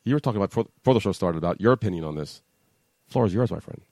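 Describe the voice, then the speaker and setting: A man co-hosting a casual podcast, talking with a flat, monotone voice. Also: sits low, racing, dry recording. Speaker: podcast co-host. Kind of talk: casual chat.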